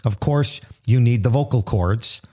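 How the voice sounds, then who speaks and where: A man's voice: medium pitch, unhurried, mellow. A man hosting a casual radio talk, explaining in a teacherly way.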